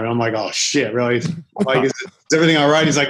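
A man's voice: medium pitch, quick pace, fairly bright tone, low-quality recording. A middle-aged man telling a story in a casual interview, restarting often and swearing freely. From Philadelphia, United States. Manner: rambling, many restarts, swears freely, acts out quotes. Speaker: chef and interview guest.

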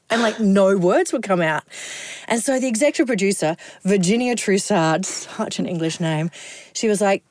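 A middle-aged Australian woman, a broadcaster, telling lively anecdotes in a casual interview, often laughing between lines. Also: mid-range voice, brisk, no echo.

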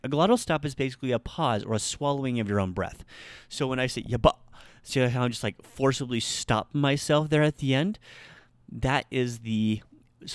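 A chatty, upbeat man from Nebraska hosts a casual language podcast lesson. His voice is smooth and resonant. The sound is dry and close, with no room around it. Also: medium pitch, dry recording. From Nebraska, USA. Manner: chatty, upbeat, acts out slang exclamations. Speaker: podcast host, Japanese teacher.

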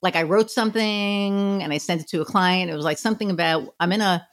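A podcast guest who runs a marketing business speaks briskly in a fairly low voice. Her casual, candid chat is full of free swearing and acted-out quotes from people.

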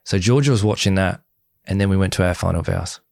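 A young man, a podcast guest, telling his story candidly and quickly, acting out the back-and-forth of past conversations. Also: deep voice, gravelly, no echo. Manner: fast, animated retelling, acts out quoted exchanges. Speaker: podcast guest, former reality show groom.

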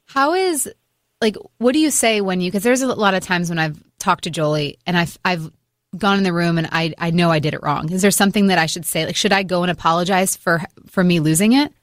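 Fast-talking woman host, dry sound. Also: fairly low pitch, dry recording. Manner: chatty, asks questions, a bit exasperated. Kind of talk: casual chat.

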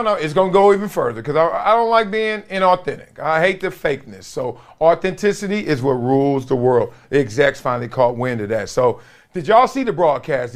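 Male host from Compton, slightly high pitch, animated joking monologue style. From Compton, Los Angeles. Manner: animated, joking, laughs often. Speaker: show host. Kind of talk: casual commentary monologue.

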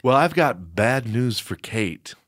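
A podcast co-host making sarcastic, crude, deadpan jokes in casual chat. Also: medium pitch, takes it slowly.

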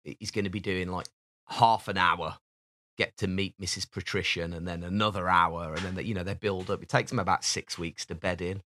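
A man's voice: sits low, fairly even intonation, a little fast, bright, forceful tone. A man co-hosting a podcast, chatting in a rambling, casual way from his home office. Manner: rambling, chatty, laughs often. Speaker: podcast co-host. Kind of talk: casual chat.

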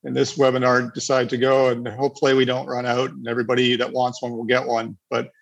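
A man's voice: mid-range voice, completely flat delivery, fast, creaky, muffled recording. A man from Canada answering questions casually in a webinar, rambling with many restarts. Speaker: eco village developer.

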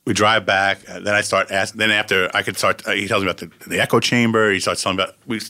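A man's voice: lowish voice, steady tone, quick pace, bright, forceful tone. A man, a record producer, telling casual anecdotes and acting out the lines of other people.

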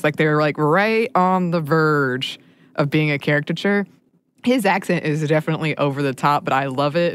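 A woman co-hosting a podcast in casual chat, chatty and often laughing as she talks. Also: low-pitched. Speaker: podcast co-host.

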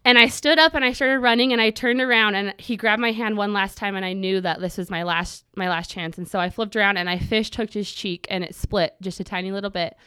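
A woman's voice: medium pitch, fairly even intonation, fairly quick, few pauses, pushed and bright, clean tone, dry recording. A woman guest on an interview podcast telling a personal story in detail. She acts out her own past thoughts and mixes earnestness with touches of humor.

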